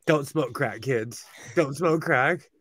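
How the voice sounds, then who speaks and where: A man from California, hosting a live sewing show and chatting in an animated, gossipy way, telling stories and laughing often. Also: fairly high pitch, slight background noise. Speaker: host. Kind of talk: casual chat.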